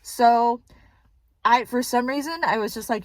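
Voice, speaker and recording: Excitable young woman rambling through a story, bit high pitched, dry sound. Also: unhurried, pauses often, no room sound. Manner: chatty, filler-heavy, excitable. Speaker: vlogger. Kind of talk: casual storytelling.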